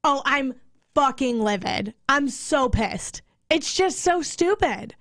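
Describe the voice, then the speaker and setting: High-pitched woman cohost ranting and cussing, dry studio sound. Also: lively intonation, fairly bright tone, no room sound. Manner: angry venting, swearing, rapid rants. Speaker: radio co-host. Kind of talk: casual chat.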